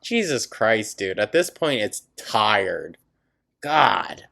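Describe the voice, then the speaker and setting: A man's voice: fairly low pitch, big pitch swings, slow, gravelly, bright, forceful tone. A man giving scornful, sarcastic commentary over a video clip, swearing freely. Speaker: reaction commentator.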